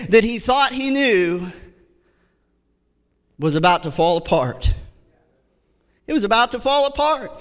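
A man's voice: very high-pitched, sharp tone, clear, resonant tone, big-room sound. A man preaching a fervent sermon as associate pastor, repeating key phrases and reading scripture aloud. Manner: reads scripture aloud in old-fashioned wording. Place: church sanctuary.

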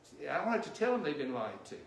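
A male missionary preacher delivering a sermon, quizzing the congregation with questions and growing loud and emphatic at his peaks. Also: a little high, sing-song, fast, creaky. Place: church sanctuary. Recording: roomy church echo, distant mic.

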